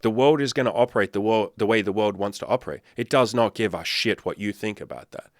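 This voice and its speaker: Aussie-sounding guy, lowish voice, blunt and sweary, dry close sound. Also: fast, no room sound. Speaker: dating coach. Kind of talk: casual commentary to camera.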